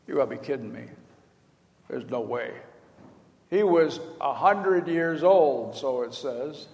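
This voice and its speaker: An older man giving a sermon, retelling a story in a folksy way and acting out the quoted lines. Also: on the high side. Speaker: preacher. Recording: long hall reverb.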